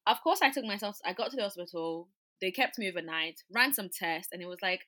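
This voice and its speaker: Bright-voiced chatty young woman. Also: fairly low pitch, quick pace. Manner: animated, chatty, lots of "like" and "you know". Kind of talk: casual storytelling chat.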